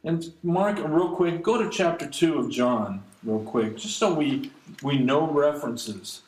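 A man preaching an expository sermon, reading scripture aloud and commenting on it, slowing down to stress key lines. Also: a little high, lively intonation. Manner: reads verses aloud then comments, slows for emphasis. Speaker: pastor. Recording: echoey room.

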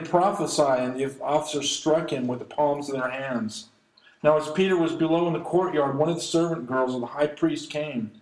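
A man's voice: a little high, darkish tone. Man preaching in an echoey room. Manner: reads verses aloud then comments, slows for emphasis. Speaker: pastor. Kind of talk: expository sermon reading scripture.

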